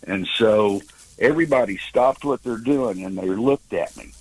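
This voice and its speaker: A man in his sixties calling in to a talk show and telling a personal story, halting with many fillers and restarts. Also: lowish voice, darkish tone, slightly rough, rough recording. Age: 60s. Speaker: caller.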